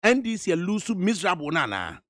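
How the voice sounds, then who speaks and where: A man's voice: high voice, very animated, fairly quick, a bit bright, no room sound. A man with a Ghanaian accent, hosting a radio interview and pressing his guest with probing questions in Twi and English. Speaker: radio host. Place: radio studio.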